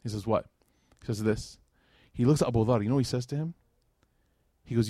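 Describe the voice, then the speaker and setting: A man giving a religious lecture to a live audience, telling stories in a lively, casual way with plenty of slang and fillers. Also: mid-range voice, fairly quick, long pauses, no echo, studio quality. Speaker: Islamic lecturer.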